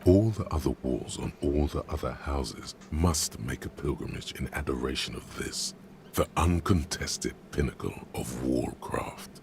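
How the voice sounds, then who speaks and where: A man's voice: rumbling low, lively intonation, measured pace, gravelly, darkish tone, a little hiss or hum, heavily acted. An actor voicing a grave, ornate male narrator in a video game, with a solemn, grandiose delivery. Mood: awed.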